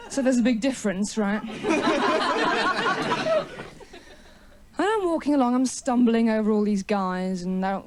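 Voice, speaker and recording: Woman stand-up, chatty and self-mocking, teases the crowd, very lively pitch, hissy old broadcast. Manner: teasing crowd work. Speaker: stand-up comedian. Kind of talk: stand-up routine. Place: TV studio before a live audience.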